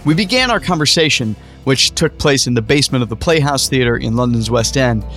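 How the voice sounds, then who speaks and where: A man's voice: medium pitch, lively intonation, a little fast, a bit bright, faint music behind. A male podcast host reading an enthusiastic introduction. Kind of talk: scripted intro narration.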